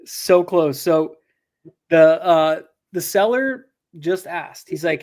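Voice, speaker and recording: Male guest, higher pitch, animated storyteller, loose and filler-heavy. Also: slow. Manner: animated, acts out quotes, frequent fillers and restarts. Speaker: land investor guest. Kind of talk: casual interview storytelling.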